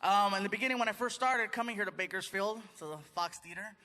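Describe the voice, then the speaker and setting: A man performing a stand-up comedy set on a theater stage, chatty and animated with the crowd. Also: sits high, quick pace, long reverb tail. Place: theater stage before a live audience. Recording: live audience noise and crowd.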